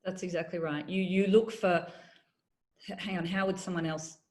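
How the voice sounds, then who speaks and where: Woman, middle-aged, slightly low pitch, candid, reflective storytelling. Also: steady tone, moderate pace. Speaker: guest, former journalist. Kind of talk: personal storytelling in interview.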